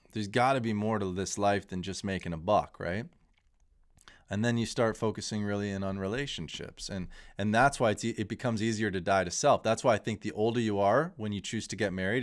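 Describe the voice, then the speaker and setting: A man in his thirties hosting a crypto livestream, talking casually and candidly in a rambling, opinionated way with frequent restarts. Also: on the low side. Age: 30s.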